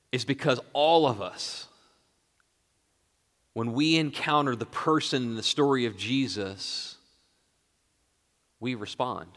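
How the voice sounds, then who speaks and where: A male pastor preaching a sermon, moving between hushed, quiet lines and raised, emphatic passages. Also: medium pitch, in a large hall.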